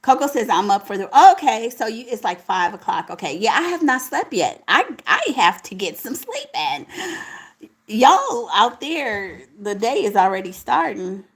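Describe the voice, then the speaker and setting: Home alone late at night, a young livestream host chats casually and reads viewer comments. She speaks at a moderate pace in a mid-range voice with big pitch swings and a breathy edge, sounding sleepy and tired, with a crackle and plenty of slang.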